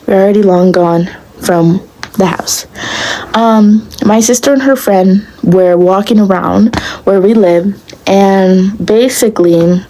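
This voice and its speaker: A young woman telling a story straight to camera in a blunt, profane, animated way. Her voice is mellow and warm, sitting at a middle pitch. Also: low-quality recording. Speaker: vlogger. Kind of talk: casual storytime vlog.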